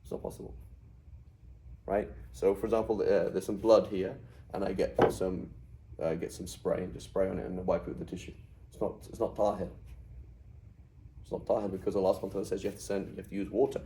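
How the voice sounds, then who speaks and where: A man with a low, mellow voice gives a class lecture. He talks casually and checks in with his students by asking them questions. A faint background noise sits under the recording. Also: fairly even intonation, fast, pauses often, low-quality recording. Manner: conversational, asks the class questions. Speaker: Arabic teacher.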